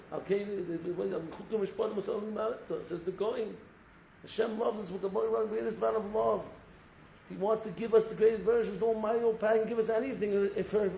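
A man's voice: fairly high pitch, vocal fry, echoey room, lo-fi sound, a little hiss or hum. A man giving an impassioned Torah sermon, exhorting his listeners and returning again and again to the same form of address. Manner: exhorting, repeats a refrain of address, mixes Hebrew terms. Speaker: rabbi giving a Torah talk.

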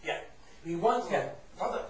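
A man giving a Torah class, telling stories in an animated way, sprinkling in Yiddish and Hebrew terms and bursting into loud emphasis. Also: high-pitched, moderate pace. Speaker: Torah teacher. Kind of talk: lively storytelling Torah class. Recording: roomy echo, distant mic.

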